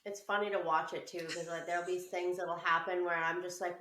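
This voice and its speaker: A woman's voice: on the low side, flat delivery, brisk, fairly bright tone, a little hiss or hum. A woman who is a mother, chatting casually and telling a story with plenty of swearing and laughter. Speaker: podcast co-host and mother. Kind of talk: casual chat. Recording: roomy, a bit distant from the mic.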